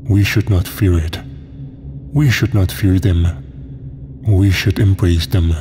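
Casting: a man playing a deep, dark-toned monotone cultist preaching calmly, long hall reverb. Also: slow pace, a little hiss or hum. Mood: calm menace. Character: deep-voiced monotone male cultist, calm and zealous.

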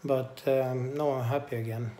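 A man talking to camera in a casual personal vlog, halting with many pauses and fillers, tender and emotional. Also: mid-range voice, steady tone, dark tone, slight background noise. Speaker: vlogger. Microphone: handheld camera. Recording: echoey room.

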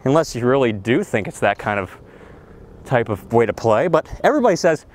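A man giving an energetic golf lesson on a practice range, talking with excitable enthusiasm and breaking into exclamations. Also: medium pitch, brisk. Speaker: golf instructor.

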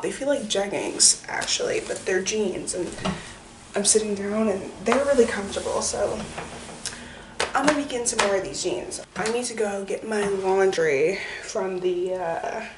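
Young woman vlogger, casual and chatty, mid pitch; roomy echo, distant camera mic, noisy. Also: a little slow. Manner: chatty, lots of "like" fillers. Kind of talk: casual vlog chat. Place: bathroom at home. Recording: echoey room, mic far off, noisy.

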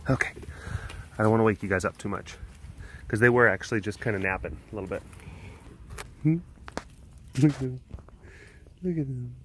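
A man's voice: lowish voice, moderate pace, pauses often, a little hiss or hum. A man hosting a casual walking vlog outdoors at an animal compound, playfully cooing at the cats as he goes. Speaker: vlog host at a big cat facility.

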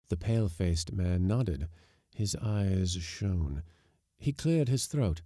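A man reading a classic short story aloud with expressive, dramatic delivery. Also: sits low, takes it slowly, no echo, clean studio sound.

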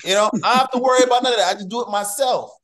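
A man's voice: high voice, rapid-fire, a bit bright. A man guest answering in a playful, joking way on a podcast. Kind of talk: casual chat.

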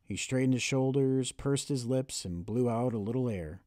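A man narrating a first-person audiobook with steady, expressive storytelling. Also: mid-range voice, normal speed, no echo, clean studio sound.

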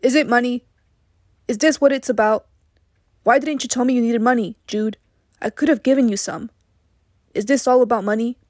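A woman's voice: fairly high pitch, normal speed, pauses often, darkish tone, no room sound, studio quality, close to an everyday voice. A woman voicing an older man, an earnest and disappointed mentor who presses with questions, in an audiobook reading. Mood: pleading.

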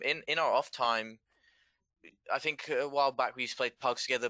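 A man's voice: fairly low pitch, pushed and bright, no room sound. A man answering interview questions about his esports team in an earnest, thoughtful way.

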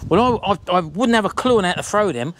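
A man's voice: high-pitched, lively intonation, fast. Chatty, rambling middle-aged man. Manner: chatty, rambling, jokey, calls wife baby. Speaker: vlogger host. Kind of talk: casual chat to camera.

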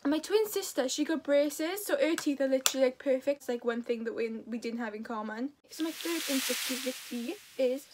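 A young Welsh woman talks straight to her camera in a loose, chatty way, filling her sentences with "like." Her voice sits high and bright for a woman, and she strings her stories together casually. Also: fairly quick, few pauses, background noise. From Wales. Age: late teens. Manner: chatty, says "like" a lot. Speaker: vlogger.

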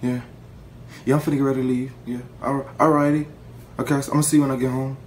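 A man voicing a young woman who stammers and sounds soft and hesitant. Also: rumbling low, level tone, fast, a little hiss or hum, voice pushed up. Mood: flustered. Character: young woman, flustered and evasive on a phone call.

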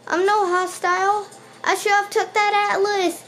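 A gaming channel host with a very high, a bit bright voice commentates a let's play in a flat, slightly slow delivery. She often panics, repeating words in bursts as she talks back to the enemies.

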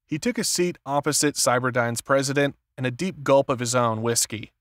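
Male narrator, measured thriller reading, medium pitch, dead-dry recording. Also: fairly bright tone, dry recording. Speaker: audiobook narrator. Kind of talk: scripted narration.

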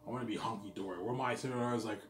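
A man's voice: lowish voice, fairly even intonation, racing, echoey room, recorded from a distance, very noisy. A man talking casually to his viewers in a rambling, boastful, profane monologue. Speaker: vlogger.

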